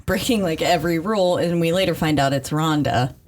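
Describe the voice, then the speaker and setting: A woman co-hosting a podcast in casual chat, talking quickly and laughing often as she acts out lines. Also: low voice, a little mellow. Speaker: podcast co-host. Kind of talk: casual chat reviewing a film.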